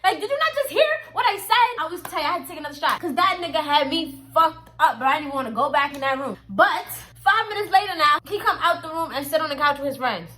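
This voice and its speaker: A young woman telling a storytime story to her viewers, animated and profane, talking straight to the camera. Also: high-pitched, fast, few pauses. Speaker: vlogger. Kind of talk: casual storytime monologue.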